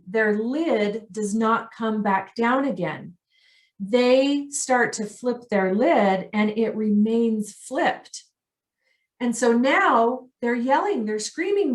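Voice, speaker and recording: Woman trainer, fairly high voice, explanatory, echoey room. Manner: explains warmly, acts out quoted voices of kids and parents. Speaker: parenting trainer. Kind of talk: online training talk. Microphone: video call.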